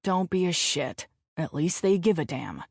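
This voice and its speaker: A blunt, gruff male bodyguard , as a woman narrator puts him on, scolding in short, curt lines for an audiobook. His speech pitches a touch lower than the narration and moves slowly. The sound is close and dry. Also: very animated, no room sound, full character voice.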